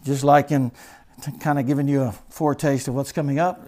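A man preaching a sermon as pastor, moving between loud, emphatic declarations and hushed, stressed words, with a repetitive preaching cadence. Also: medium pitch, moderate pace.

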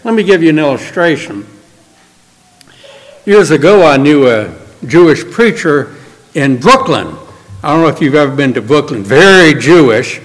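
A man's voice: fairly high pitch, lively intonation, normal speed, pauses often, in a large hall, poor audio. A man preaching a sermon, earnest and storytelling. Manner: storytelling, earnest, acts out quotes. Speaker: pastor.

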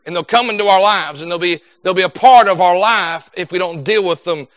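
Animated young preacher, high bright voice. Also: male voice, a little fast, dry recording. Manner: animated, acts out quoted voices. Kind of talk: sermon.

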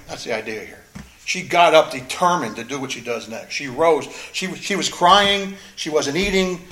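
A man's voice: fairly high pitch, lively intonation, unhurried, sharp tone, roomy sound, poor audio. A man preaching a sermon, reading scripture aloud and explaining it, earnest and emphatic, repeating phrases for stress. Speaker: pastor.

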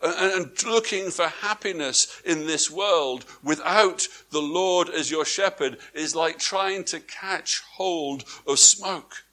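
A man preaching to a congregation, his voice bright and a touch high. He swings from hushed, slowed phrases to emphatic bursts, repeating words and checking in with rhetorical questions. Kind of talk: sermon. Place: church before a congregation, also streamed online.

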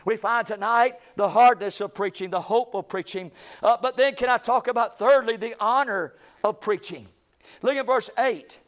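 A man preaching a revival sermon, swinging between loud shouting and hushed low lines. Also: moderate pace.

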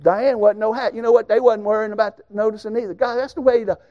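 A man's voice: high voice, fairly even intonation, fast talker, dull audio. A man preaching a sermon, telling folksy, emphatic stories from the pulpit.

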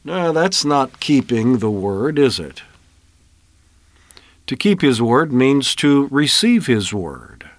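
A man's voice: mid-range voice, sing-song, takes it slowly, no echo. Earnest man giving a dry radio sermon. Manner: earnest, emphatic, asks rhetorical questions. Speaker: radio Bible teacher. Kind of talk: broadcast sermon.

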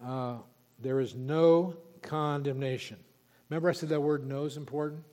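A pastor preaching an expository sermon, emphatic and repeating key words for stress. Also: male voice, fairly high pitch, fairly even intonation, moderate pace, mellow. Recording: long reverb of a large hall.

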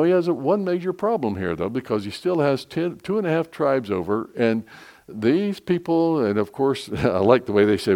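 A man preaching a conversational Bible sermon, reading scripture slowly and explaining it with frequent fillers. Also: lowish voice, darkish tone.

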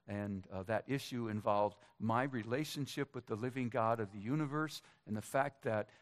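A middle-aged man from Minnesota giving a personal testimony to a church congregation, in a conversational, halting way with light jokes. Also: mid-range voice. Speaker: church speaker.

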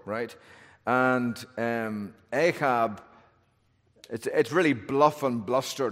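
A man's voice: medium pitch, measured pace. A man preaching an expository sermon, telling the story with wry humor and shifting emphasis. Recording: long hall reverb.

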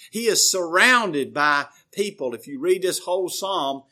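A man preaching a sermon, explaining scripture in a measured, teaching way with frequent pauses and fillers. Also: high voice, expressive, bright, forceful tone.

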